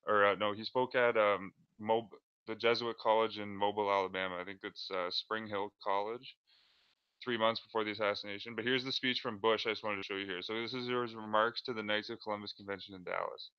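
A man giving casual commentary over a screen share, halting and full of "like" and "uh". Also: fairly low pitch, steady tone, clean tone, muffled recording. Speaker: video creator.

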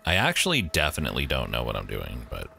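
A man's voice: extremely low pitch, wildly swooping pitch, fast, gravelly, pushed and bright, a little hiss or hum. A man streaming a game live, giving casual, joking commentary and laughing often. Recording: game music playing behind the voice.

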